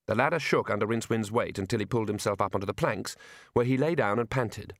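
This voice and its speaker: A man narrating an audiobook in a lively, expressive storytelling manner. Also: fairly low pitch, quick pace, no room sound, clean studio sound.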